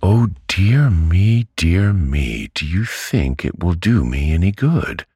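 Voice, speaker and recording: A man putting on a frightened young mother from a storybook, faint and faltering, pitched above his low voice. A husky, gravelly grain stays under the soft, helpless lines, recorded close and dry. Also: lively intonation, slow pace, no room sound, full character voice. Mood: timid. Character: timid, fragile young mother, meek and fearful.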